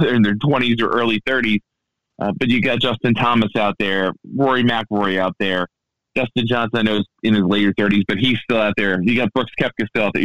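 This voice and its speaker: A man from the Baltimore area chatting casually on a podcast, relaxed and full of fillers and restarts. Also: medium pitch, dry recording, dull audio. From Baltimore area, USA. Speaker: golf podcaster and radio station founder.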